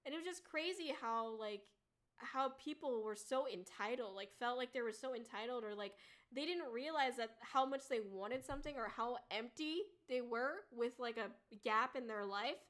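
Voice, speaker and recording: High bright-voiced woman ranting bluntly. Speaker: VTuber streamer. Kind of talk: casual stream chat.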